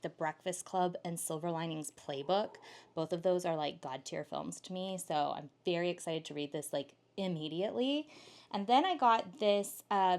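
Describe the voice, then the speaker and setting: A young woman co-hosting a book haul video, telling travel stories in a lively, casual way with the odd swear word. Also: fairly low pitch. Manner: animated storyteller, casual swearing. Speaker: booktuber co-host. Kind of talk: casual storytelling chat.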